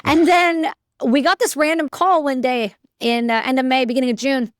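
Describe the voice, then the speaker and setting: Woman in her 30s, interview guest, smooth clear voice, fairly high, dry close sound, chatty and candid. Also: steady tone, moderate pace, dry recording. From Canada. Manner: candid, chatty, fillers like "like" and "you know". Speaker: guest, military veteran. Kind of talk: casual interview storytelling.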